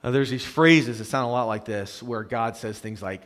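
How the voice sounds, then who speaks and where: A male pastor preaching a conversational sermon, swinging from loud emphatic stretches to hushed, quiet ones, and often repeating words as he starts a phrase. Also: mid-range voice, moderate pace, hardly any pauses.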